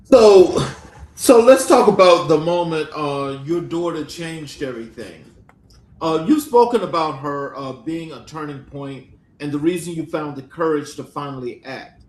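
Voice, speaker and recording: A man interviewing a guest, asking questions in a gentle, measured way with frequent filler sounds. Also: a little high, animated. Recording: roomy echo.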